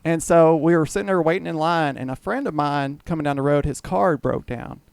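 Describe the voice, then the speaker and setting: A man's voice: fairly high pitch, fairly quick, gravelly, darkish tone, clean tone, dry recording. A man casually telling a long story on a podcast, swearing freely and acting out what others said. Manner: rambling, profane, acts out quoted dialogue. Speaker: guest storyteller.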